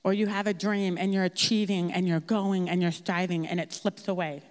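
A woman's voice: on the low side, level tone, moderate pace. A woman giving a slide talk, candid and chatty with a self-deprecating humor. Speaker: speaker at a grief workshop. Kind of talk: presentation with slides. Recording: hall reverb.

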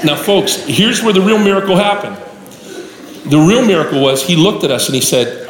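A man's voice: high voice, animated, normal speed. A male pastor preaching a sermon with folksy storytelling, addressing the congregation directly. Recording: echoey live hall with room noise.

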